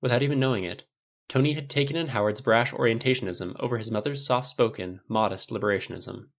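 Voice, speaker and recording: A male audiobook narrator with a gravelly, creaky voice, reading fan fiction in a measured storytelling delivery. He sits at a middle pitch for a man, and the recording is slightly dull and lo-fi. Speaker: audiobook reader.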